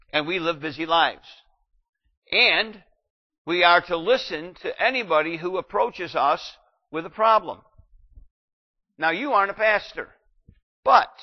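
A man's voice: a little high, muffled recording. A male pastor preaching an earnest sermon and putting questions straight to his congregation.

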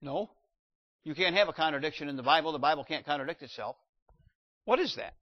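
A man in his fifties preaches with a fairly high voice, rising into loud, ringing exhortation and then dropping low for quiet stories. The sound is dull and lo-fi. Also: lively intonation, brisk. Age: 50s. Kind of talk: sermon. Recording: dull lo-fi recording.

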